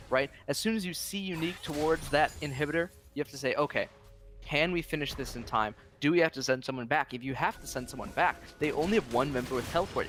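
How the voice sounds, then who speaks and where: A man's voice: a little high, fairly bright tone. A man giving color commentary on an esports match, explaining the play and tagging points with "right?". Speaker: esports analyst.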